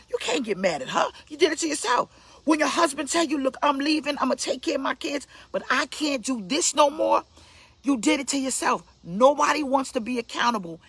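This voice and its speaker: A woman's voice: lively intonation, a little fast, a bit bright, breathy edge, dry recording. A woman pastor from Brooklyn, preaching bluntly and emphatically in a scolding tone. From Brooklyn, New York. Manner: blunt, emphatic, scolding, with sudden pitch leaps. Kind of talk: preaching sermon.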